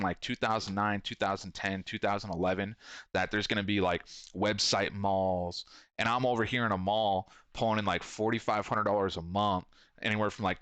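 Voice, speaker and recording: A man's voice: fairly low pitch, pushed and bright, no room sound. A man in his thirties talking casually, rambling, swearing a lot and acting out quotes as he tells stories. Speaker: podcast host and shop owner. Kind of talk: casual profane monologue.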